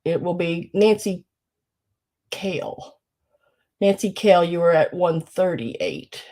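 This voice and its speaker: A woman hosts a live-streamed sale while fighting back tears. Her voice sits a little low, and she speaks slowly, halting between grateful, emotional phrases. She sounds close to crying throughout. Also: lively intonation, mellow. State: tearful, crying. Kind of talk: live-streamed auction chat.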